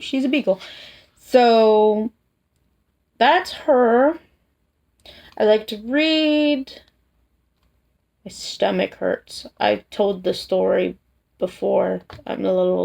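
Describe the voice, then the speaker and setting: A woman vlogger chatting casually to camera, soft and hesitant, tired after work. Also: mid-range voice, creaky. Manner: soft, hesitant, with many restarts and fillers. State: tired, yawning. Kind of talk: casual personal chat to camera.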